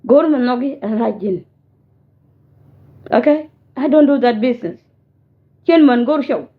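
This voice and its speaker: Scolding woman on tinny phone audio. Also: a little high. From South Sudan. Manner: scolding, warning, code-switching. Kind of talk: direct-to-camera rant.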